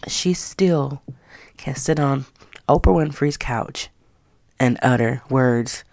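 A woman hosts her own talk podcast in a casual, motivational way. Her voice has a gravelly, creaky edge, and she leans on words with drawn-out emphasis. The sound is close and dry, with no room around it. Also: rumbling low, fairly even intonation, darkish tone, dry recording. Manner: earnest, encouraging, drawn-out emphasis. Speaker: podcast host.

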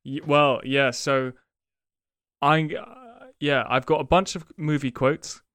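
A man co-hosting a podcast in casual chat, talking slowly and deliberately with many pauses and ums as he explains. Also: on the high side, steady tone, fairly bright tone, smooth, dry recording. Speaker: podcast co-host.

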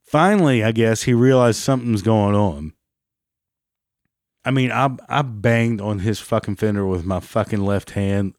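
A man angrily retelling a story, swearing heavily and pitching up when worked up. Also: unhurried, darkish tone, no echo, clean studio sound. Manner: heated, heavy swearing, rising pitch when agitated. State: still angry about the event. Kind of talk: angry personal storytelling.

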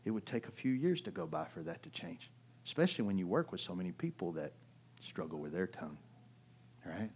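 A middle-aged man preaching in a loose, conversational style, his voice sitting a little low. He swings between loud, urgent stretches and hushed ones, and keeps turning to the audience with a quick "right?". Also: big pitch swings, slight background noise. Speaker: pastor. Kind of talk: sermon.

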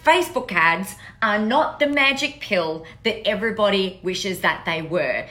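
Bright-voiced, blunt, sweary woman. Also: medium pitch. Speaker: podcast host. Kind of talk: casual monologue.

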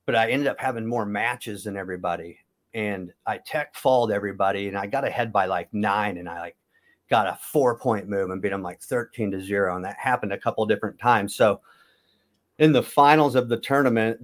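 A man in his fifties from Kansas, a former wrestler telling long stories in a casual interview, often correcting himself as he goes. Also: on the low side. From Kansas, USA. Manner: rambling, self-correcting storyteller.

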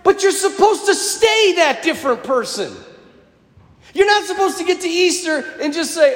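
Animated priest preaching in an echoey church. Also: male voice, very high voice, unhurried, long pauses. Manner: lively and conversational, with humor and emphatic repetition. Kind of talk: sermon. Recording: echoey church with long reverb.

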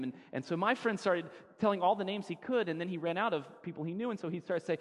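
A pastor with a fairly high voice tells a story from the pulpit in a casual, conversational way, doubling back and repeating words as he builds it. He talks fast with hardly any pauses, and the church sanctuary gives his voice a long, ringing reverb.

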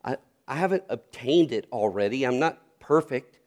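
A man's voice: medium pitch, expressive, normal speed, few pauses, a little mellow. A middle-aged man from North Carolina, a pastor preaching a sermon with storytelling and earnest questions.

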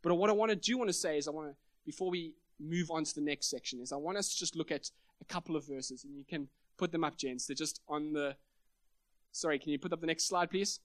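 A man's voice: fairly high pitch, fast, no echo. A man preaching a sermon at a church meeting, emphatic and building up to big points.

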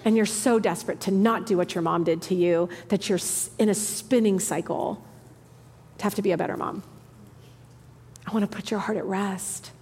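A woman in her thirties preaching a sermon with passion, moving between hushed, soft lines and emphatic ones. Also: mid-range voice, steady tone, moderate pace, slight background noise. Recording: long hall reverb.

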